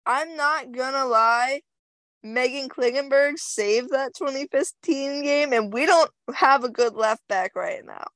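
High-voiced playful woman. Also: unhurried, fairly bright tone, no room sound. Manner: playful, laughing, short replies. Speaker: podcast co-host. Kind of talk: casual sports chat.

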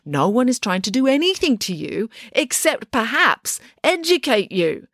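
A woman's voice: a little high, very animated, normal speed, fairly bright tone, no echo, clean studio sound, voice pushed up, full character voice. A woman putting on a stern, exasperated male guidance counsellor. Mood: exasperated lecturing. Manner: exasperated, lecturing.

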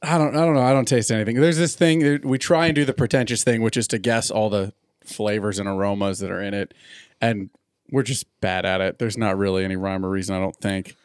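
A man's voice: on the low side, steady tone, fairly quick, clear, resonant tone, no echo, studio quality. Rambling, joking man host. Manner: rambling, self-deprecating, laughs often. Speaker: podcast host. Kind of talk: casual chat over bourbon tasting.

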